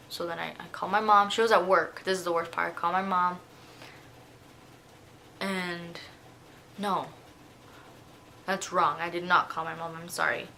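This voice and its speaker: A woman's voice: fairly low pitch, sharp tone, slight background noise. A young woman telling a personal story in a casual vlog, emotional and close to tears at times. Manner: emotional, tearful retelling. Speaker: vlogger.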